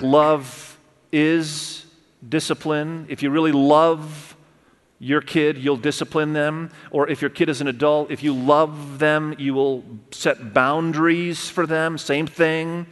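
A middle-aged male pastor preaching a sermon, animated, asking the congregation questions and speaking straight to them. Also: on the high side, takes it slowly. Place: church auditorium. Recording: long hall reverb.

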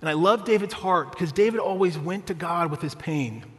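A man's voice: high-pitched, fairly quick, a bit bright, in a large hall. A male pastor preaching a sermon, telling a family story with humor and often asking the congregation "right?".

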